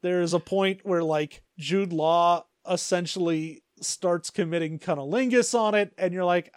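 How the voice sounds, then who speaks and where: A man's voice: high voice, a little slow, few pauses, smooth, dry recording, studio quality. A man co-hosting a casual comedy chat, wry and joking with profane asides. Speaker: podcast co-host.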